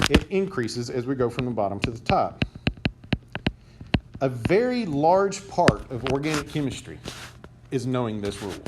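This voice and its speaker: A man giving a chemistry lecture to a class, quizzing students and joking as he goes. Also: medium pitch. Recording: noisy classroom recording.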